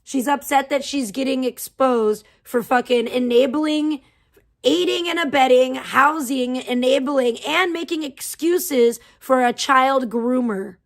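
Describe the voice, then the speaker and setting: Woman on her live stream, heated and cussing nonstop, pitch a bit high. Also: unhurried. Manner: profane, heated, venting. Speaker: livestream host. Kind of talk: angry livestream rant.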